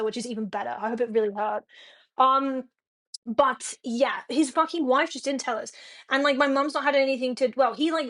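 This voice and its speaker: High pitched streamer girl, sweary and rambly, just yapping at home. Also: a bit bright. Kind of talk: casual chat to a live stream audience.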